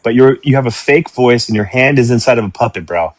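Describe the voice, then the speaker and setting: A man's voice: mid-range voice, fast, no echo. Mocking man, dry close sound. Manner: mocking, dismissive. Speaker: panel guest. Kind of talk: heated live debate.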